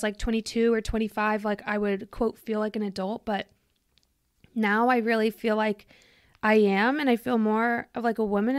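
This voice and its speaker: This is a podcast host in her late twenties, her smooth, medium-pitched voice recorded up close with no room sound. The talk is a casual, introspective monologue, chatty and sincere. She leans on "like" and pours out thanks.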